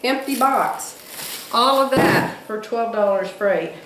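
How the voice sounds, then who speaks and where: A woman's voice: fairly high pitch, slow pace, echoey room, recorded from a distance, noisy background. A woman vlogging from home in a chatty, gushing way, laughing often as she talks. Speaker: quilting vlogger. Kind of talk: casual chat to camera. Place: home room.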